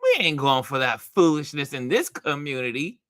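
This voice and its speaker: A man hosting a casual livestream, animated and emphatic, reacting to viewer comments and laughing often. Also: a little high, normal speed, no echo, studio quality. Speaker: livestream host.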